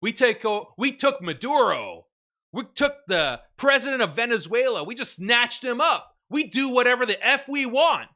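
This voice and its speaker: A man mockingly voicing a swaggering, boastful male braggart with a loud, slow bark. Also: very high voice, lively intonation, voice pushed up, exaggerated voice.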